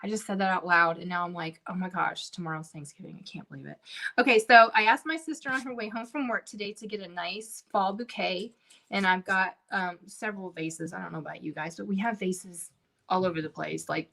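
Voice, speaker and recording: A woman's voice: medium pitch, fairly bright tone. A woman hosting a casual crafting livestream from home, chatty and bubbly, talking straight to her viewers. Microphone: livestream camera setup.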